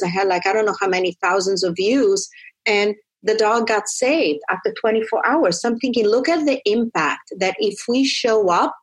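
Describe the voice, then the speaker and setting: A woman's voice: mid-range voice, breathy edge. A woman in casual conversation, talking animatedly and acting out quotes as she tells stories. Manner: animated storyteller, acts out quotes.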